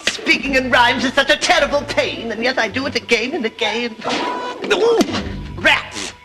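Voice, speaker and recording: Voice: mid-range voice, normal speed, loud music behind the voice, close to an everyday voice. An actor playing a flustered rabbit servant. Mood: fretful. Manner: flustered, stammering and overly polite, speaking in rhymes. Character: anxious, fretful rabbit servant. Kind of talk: 1990s children's TV musical comedy.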